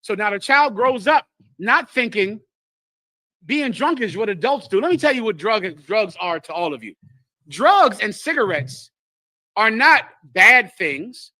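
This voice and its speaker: A man's voice: high voice, big pitch swings, unhurried, sharp tone, no echo. A man teaching scripture to a group, lecturing emphatically and acting out the voices he quotes. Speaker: religious teacher.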